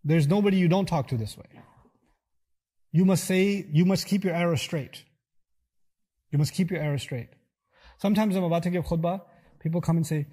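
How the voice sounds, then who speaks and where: A man giving a lecture, animated and acting out little dialogues in quoted voices. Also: on the high side, normal speed, long pauses, breathy edge. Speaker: speaker giving a talk. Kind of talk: lecture on scripture.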